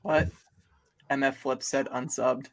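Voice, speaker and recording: A man's voice: medium pitch, level tone, slow, creaky. A man co-hosting a casual live stream, upbeat and joking. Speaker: co-host.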